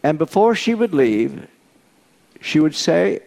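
An older man in his eighties preaching a sermon, deliberate and posing rhetorical questions to his congregation. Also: on the high side, big pitch swings, vocal fry, darkish tone. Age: 80s.

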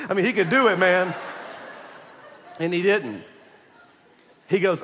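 A man preaching a sermon, animated and joking, pressing his points hard and calling out to the congregation. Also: high-pitched, moderate pace, pauses often, big-room sound, a little hiss or hum. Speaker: pastor.

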